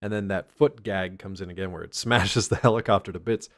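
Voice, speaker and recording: A man's voice: low-pitched, fairly even intonation, brisk. A man co-hosting a podcast, recapping a cartoon with wry, dry asides in casual chat. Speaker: podcast co-host.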